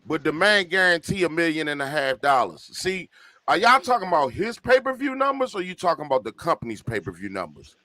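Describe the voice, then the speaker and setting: Animated bright-voiced man arguing on a podcast. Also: fairly high pitch, a little fast, dry recording. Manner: animated, laughing, argumentative. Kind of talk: heated casual debate. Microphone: studio mic.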